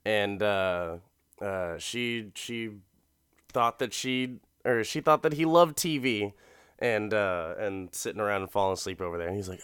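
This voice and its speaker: A man's voice: lowish voice, unhurried, fairly bright tone, clean tone, no echo, studio quality. A man casually recapping a TV episode, swearing freely and laughing often. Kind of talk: casual profane commentary.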